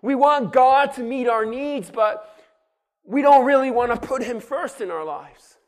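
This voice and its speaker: A man with a very high voice preaches a rousing sermon from the pulpit. He stirs up his congregation and keeps asking them to answer him back. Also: measured pace. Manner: rousing, calls on the congregation to respond. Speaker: pastor.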